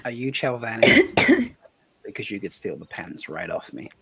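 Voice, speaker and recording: A man's voice: lowish voice, huge pitch swings, a little slow, gravelly, fairly bright tone. A man hosting a casual online chat, reading silly pickup lines aloud and breaking into laughter between them. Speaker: podcast host.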